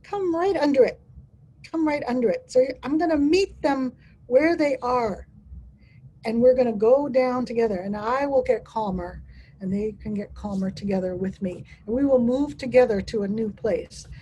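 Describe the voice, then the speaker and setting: A woman's voice: on the high side, dark tone, a little hiss or hum, poor audio. A woman presenting a dementia care training webinar over a video call, often speaking in first person as someone living with dementia, with frequent restarts.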